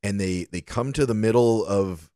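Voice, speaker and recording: A man co-hosting a podcast, telling rambling stories in casual chat and jumping into animated voices for quotes. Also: fairly low pitch, moderate pace, dry recording, studio quality. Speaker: podcast co-host.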